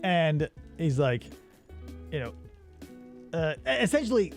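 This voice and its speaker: A man's voice: fairly high pitch, unhurried, soft background music. A man casually recapping a movie while he works, acting out the characters' lines. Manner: animated storyteller, acts out the characters' lines. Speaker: podcast co-host.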